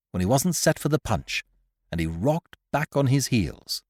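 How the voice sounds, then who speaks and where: A man narrating a story aloud in a scripted, expressive audiobook style. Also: lowish voice, normal speed, no echo, studio quality.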